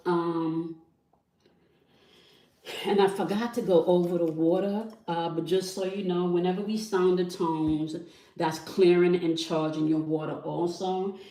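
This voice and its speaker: A fairly low-voiced woman teaching her spiritual audience, stopping again and again to ask "okay?". She stands a little back from the mic in an echoey room, so her voice sounds roomy and distant. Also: warm tone. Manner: repeats "okay?" after nearly every phrase. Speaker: tarot channel host.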